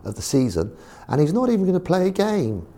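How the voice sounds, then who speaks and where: A man's voice: high-pitched, wildly swooping pitch, brisk, mellow, voice pushed up, heavily acted. A man voicing a posh, fussy older male club chairman who fretfully raises a problem. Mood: prim, fretful.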